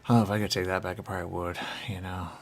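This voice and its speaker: A man talking in the first person as a dead spirit, rambling and halting, trailing off into fillers and jumping to high voices for quotes. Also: level tone, slight background noise.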